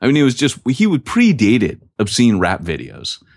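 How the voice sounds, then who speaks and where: A man's voice: on the low side, wildly swooping pitch, normal speed. A man co-hosting a podcast, chatting casually and joking, slipping into silly voices. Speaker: podcast co-host.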